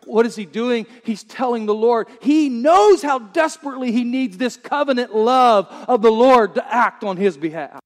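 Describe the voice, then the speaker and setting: A pastor delivering a sermon, preaching in an earnest, emphatic way. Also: male voice, very high voice, moderate pace, hardly any pauses, long reverb tail.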